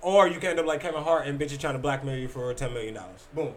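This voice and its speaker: A man co-hosting a podcast, telling a story in casual, animated chat, swearing freely and acting out quotes. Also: medium pitch, quick pace, slight background noise. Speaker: podcast co-host.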